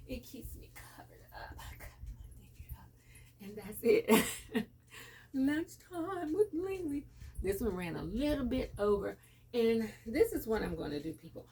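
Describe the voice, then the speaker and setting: A woman's voice: fairly low pitch, slight background noise. A woman hosting a casual lunchtime vlog from her home, eating and telling stories in a chatty way through the camera mic. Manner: chatty storyteller, animated when quoting others.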